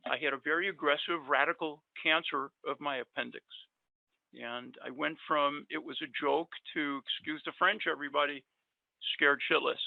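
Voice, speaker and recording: Here a middle-aged guest dentist rambles through extended personal anecdotes in casual conversation, filling them with fillers. He speaks at normal speed in a creaky, slightly high voice with fairly even intonation, over a dry, tinny phone-like line lacking room sound.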